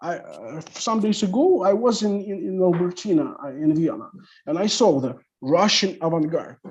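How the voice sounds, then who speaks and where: A man speaking as a guest in a panel discussion, talking in halting non-native English with many fillers. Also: sits high, lively intonation, a little mellow. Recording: muffled lo-fi audio.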